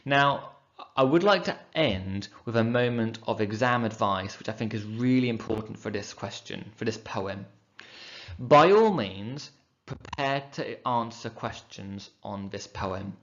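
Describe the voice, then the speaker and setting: A man's voice: lowish voice, animated, a little slow, muffled recording. A male teacher, patiently explaining poetic meter in a revision lesson and sounding out the rhythms aloud. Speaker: English teacher. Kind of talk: recorded exam revision lesson.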